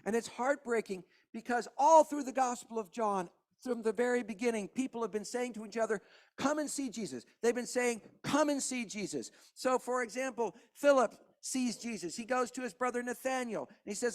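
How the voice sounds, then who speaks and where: A man, preaching a sermon as pastor, impassioned, with hushed passages and rising emphasis. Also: very high-pitched, normal speed. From Kentucky.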